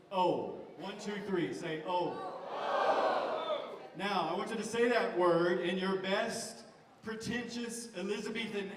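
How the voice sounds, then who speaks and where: A man giving a lively stage pitch for his theater company, leading the audience in call-and-response. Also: very noisy. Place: large hall with an audience. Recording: echoey hall recorded from far off.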